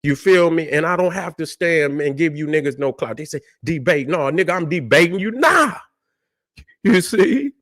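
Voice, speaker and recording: Man, fairly high voice, delivering a combative, profane livestream sermon with a dry close mic. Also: expressive, normal speed, a bit bright, dry recording. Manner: combative, repetitive "you see what I'm saying", profane. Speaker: livestream host. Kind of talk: preaching livestream monologue.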